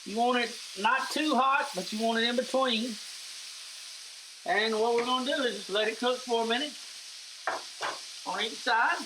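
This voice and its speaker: A man's voice: very high voice, normal speed, long pauses, noisy background. A middle-aged man hosting a casual home cooking demo, chatty and folksy, talking to viewers as guys. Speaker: cooking show host. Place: home kitchen.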